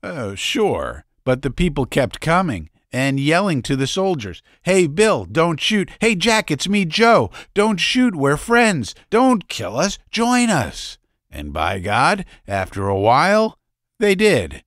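A man reads as a gruff old veteran of the uprising, deep and furry-voiced, bragging loudly over beer in a storybook tale. His pitch swings widely as he boasts, and the sound is dry and close. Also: huge pitch swings, measured pace, no echo. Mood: boastful. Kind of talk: audiobook character voice.

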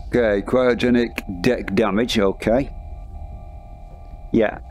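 A man's voice: mid-range voice, expressive, measured pace, a little mellow. A man giving sarcastic first-impressions commentary while playing a VR game. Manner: sarcastic, dry. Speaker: gaming video host. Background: game music.

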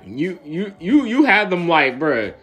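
A fairly high-voiced man reacts to comic panels in loose slang, exclaiming and laughing as he goes. His pitch leaps all over the place, yet he drawls his words out slowly. Soft music plays underneath. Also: big pitch swings, husky. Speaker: webtoon reaction host. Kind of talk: casual reaction commentary, reading comic panels aloud.

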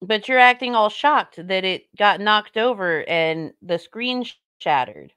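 A woman's voice: mid-range voice, animated, unhurried, fairly bright tone, clean tone, no room sound. A woman streamer giving casual commentary on clips and reading chat, sarcastic, blunt and mocking.

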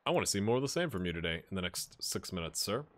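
A man's voice: deep voice, big pitch swings, fast, a bit bright. A man hosting a casual let's-play video, chatting and rambling to his viewers as he plays. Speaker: gaming channel host.

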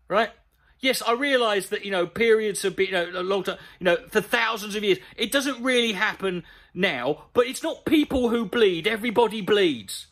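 A man's voice: sits high, expressive, normal speed, fairly bright tone. A man ranting sarcastically and profanely as he reads an article aloud and picks it apart. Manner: sarcastic, profane, exasperated asides. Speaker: comedy YouTuber. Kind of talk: sweary comedic rant reading an article aloud.

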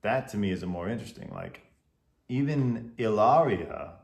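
An opinionated man co-hosting a casual podcast, laying out his views at length. His voice is on the low side. The sound is roomy and echoey. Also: animated, moderate pace, creaky, a little mellow. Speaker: podcast co-host. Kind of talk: casual chat. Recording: echoey room.

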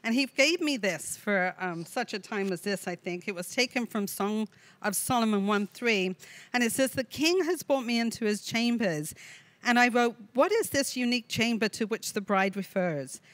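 A woman's voice: on the high side, expressive, normal speed, fairly bright tone, no echo. A woman leading an online women's ministry talk, reading scripture and adding earnest personal asides. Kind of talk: devotional Bible teaching to women. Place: online video session with a co-host.

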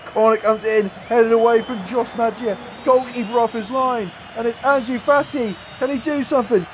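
A high-voiced man talks through his football game as he plays, calm one moment and shouting the next. He calls the action, swears freely and reacts loudly to every chance, with a faint hiss under the recording. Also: moderate pace. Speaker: gaming YouTuber. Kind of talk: excited football game commentary.

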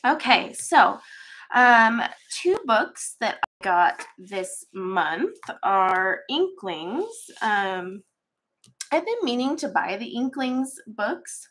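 Female host, unhurried, congested, chatty casual stream talk on webcam mic. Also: mid-range voice, fairly bright tone. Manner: chatty, rambling, many ums and laughs. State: stuffy and congested. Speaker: coloring channel host. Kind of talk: casual livestream chat. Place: home art studio.

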